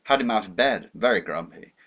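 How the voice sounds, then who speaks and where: A man voicing a stiff, formal older government official, a little above his own pitch. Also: expressive, brisk, a bit bright, breathy edge, lo-fi sound.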